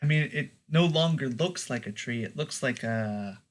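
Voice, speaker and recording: Brief: male game master, casual, halting with many fillers, mid-pitched voice. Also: lively intonation. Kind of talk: narrating a tabletop game.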